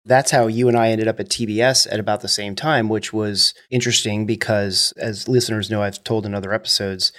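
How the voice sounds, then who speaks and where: A man's voice: lowish voice, steady tone, a little fast, few pauses, fairly bright tone. A man in his fifties hosting a podcast, asking his guest questions and explaining details for the listeners. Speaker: podcast host. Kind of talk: interview questions.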